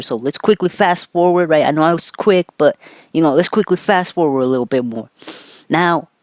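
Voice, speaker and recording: A man's voice: a little high, no room sound. A young man telling a rambling, casual story on a vlog, loose and profane, tacking "right?" onto nearly every phrase. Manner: loose and profane, with fillers and restarts. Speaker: vlogger.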